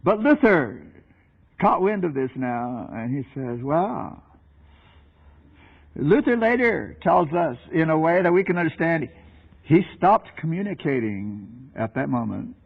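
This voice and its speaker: A male preacher telling a story in a sermon, animated and laughing often, on a dull lo-fi recording. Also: fairly high pitch, measured pace, vocal fry.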